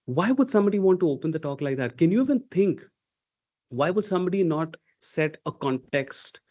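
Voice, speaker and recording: A man's voice: on the high side, warm tone. A man teaching a leadership class online. He talks emphatically, throws rhetorical questions at his students and checks in with a frequent "okay?". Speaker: leadership instructor. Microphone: video call. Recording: dull lo-fi call audio.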